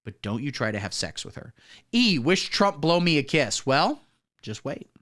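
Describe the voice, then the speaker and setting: Animated, profane male comedy streamer. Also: a little high, normal speed. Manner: profane, rambling, mocking riffs. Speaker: comedy livestream host. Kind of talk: crude comedic reaction commentary.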